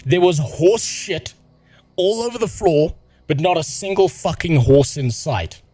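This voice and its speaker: A man's voice: on the high side, animated, unhurried, warm tone, no echo, faint music behind. A man in his thirties with a South African accent, telling an exasperated, profane story to his stream chat. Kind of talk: casual ranting to stream chat.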